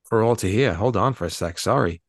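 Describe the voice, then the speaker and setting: A man with a very low, gravelly voice, chatting loosely as a podcast co-host. He rambles through his thoughts and swears casually. The sound is dry and close. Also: brisk, no room sound. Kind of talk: casual movie-review chat.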